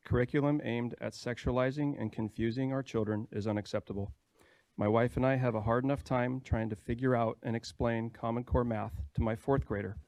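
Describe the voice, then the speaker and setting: A man's voice: medium pitch, steady tone, brisk, a little mellow, no echo. A man giving a firm, prepared public comment as a parent at a state hearing.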